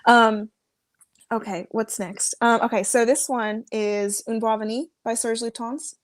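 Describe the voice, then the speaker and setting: A woman's voice: on the high side, fairly even intonation, measured pace, no echo. An American woman guesting on a casual fragrance chat, rambling easily with lots of fillers and small laughs.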